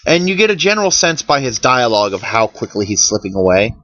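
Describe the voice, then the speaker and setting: A man's voice: mid-range voice, very animated, quick pace, a bit bright, dull audio. A man giving casual, wry commentary over a game he is playing, sounding worn out. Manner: chatty, wry, tired and yawning. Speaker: let's play commentator.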